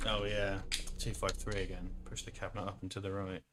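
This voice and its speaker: A man chatting casually on a gaming livestream, swearing and now and then bursting into excited shouts. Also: low voice, brisk, background noise. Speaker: livestream co-host playing the game. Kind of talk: casual chat while gaming.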